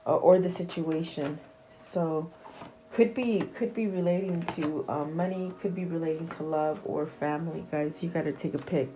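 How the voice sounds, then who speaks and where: A woman giving a casual tarot reading straight to her viewers, talking in a soft, meandering way with plenty of fillers and restarts. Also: low voice, moderate pace, a little hiss or hum, low-quality recording. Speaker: tarot reader.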